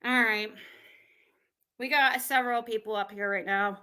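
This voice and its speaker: A woman with a cold hosts a casual livestream chat, exasperated and rambling, full of fillers and half-finished sentences. Her voice is high and bright. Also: steady tone, moderate pace, smooth, poor audio. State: has a cold. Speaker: livestream host.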